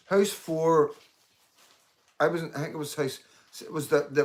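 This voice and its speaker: A middle-aged man, rambling and swearing through a casual livestream chat with viewers. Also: mid-range voice. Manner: rambling, swears freely, addresses viewers as mate and guys. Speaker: livestream host.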